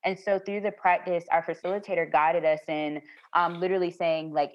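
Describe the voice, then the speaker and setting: A woman's voice: fairly low pitch, steady tone, quick pace, dry recording. A woman guest telling about an experience in an earnest, affirming way. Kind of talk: conversational storytelling. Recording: dry, slightly dull sound.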